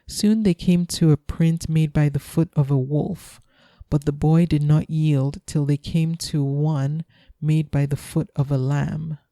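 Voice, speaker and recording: A woman reading a folktale aloud in a calm, soothing bedtime manner. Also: low voice, a little slow, no echo. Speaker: storyteller.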